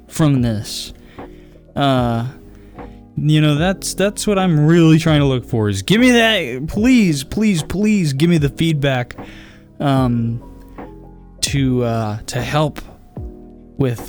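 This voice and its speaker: A man's voice: on the high side, a little mellow. A young man hosting a podcast, talking casually and self-critically to his listeners, rambling and swearing often. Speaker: podcast host. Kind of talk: casual solo talk to listeners.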